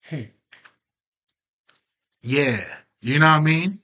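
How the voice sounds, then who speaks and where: Emphatic, bright-voiced man venting. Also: a little high, slow. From Haitian background. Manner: emphatic, swearing, rhetorical questions. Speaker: self-growth vlogger. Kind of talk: casual spoken monologue.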